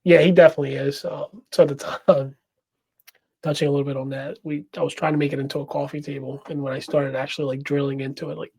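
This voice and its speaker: Man chatting flatly from a shed. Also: fairly high pitch, fast, vocal fry, slightly rough. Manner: relaxed, laughing, short backchannels. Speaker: podcast host. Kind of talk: casual chat.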